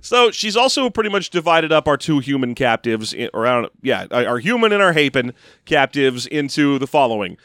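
A man's voice: medium pitch, sing-song, normal speed, a bit bright, dry recording. A man co-hosting a podcast, chatting casually with dry, sarcastic jokes. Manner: dry, joking, riffs sarcastically. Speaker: podcast co-host. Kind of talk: casual chat.

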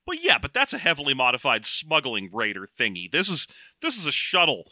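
A man's voice: mid-range voice, wildly swooping pitch, fairly quick, bright, forceful tone, no room sound. A man co-hosting a casual podcast, recapping a story in a joking, rambling way. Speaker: podcast co-host. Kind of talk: casual book-discussion chat.

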